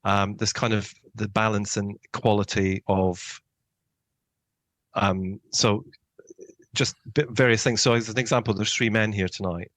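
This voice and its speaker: A man's voice: lowish voice, fairly even intonation, measured pace, fairly bright tone, no room sound. A man co-hosting a podcast, chatting casually in a rambling, self-deprecating way. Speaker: podcast co-host.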